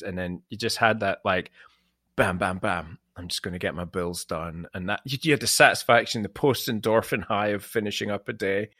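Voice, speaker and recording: A man with a fairly low voice hosts a casual podcast chat. He tells stories with animation and often sinks to a hushed, savoring near-whisper. The sound is close and dry, with no room around it. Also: no echo. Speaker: podcast host.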